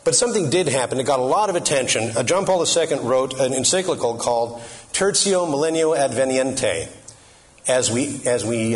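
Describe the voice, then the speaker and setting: A middle-aged man giving a humorous Catholic talk to an audience, joking and asking them questions in a conversational way. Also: medium pitch. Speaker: Catholic speaker.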